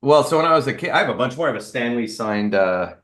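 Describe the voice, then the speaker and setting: Animated and quick, with a medium-pitched, slightly bright voice, the martial arts guest tells stories on an interview show. He's candid and rambling, with fillers and restarts throughout.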